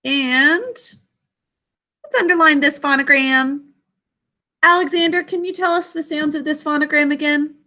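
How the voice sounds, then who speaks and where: A woman teaching a spelling lesson to children over a video call, sounding out each syllable slowly and deliberately. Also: high voice, fairly even intonation, sharp tone.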